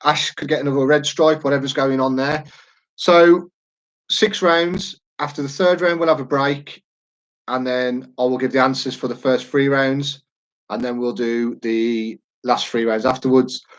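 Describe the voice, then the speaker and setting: A man's voice: mid-range voice, steady tone, a little slow, poor audio. Chatty man hosting a quiz. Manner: chatty, jokey, rambling asides. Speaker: quiz host. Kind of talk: casual live-stream chat.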